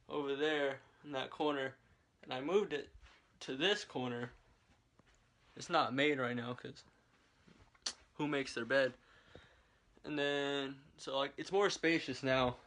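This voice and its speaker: This young military recruit vlogs from his bedroom with a handheld camera, his medium-pitched voice sharp in tone. He talks slowly and pauses often, yet stays rambling and chatty, full of fillers.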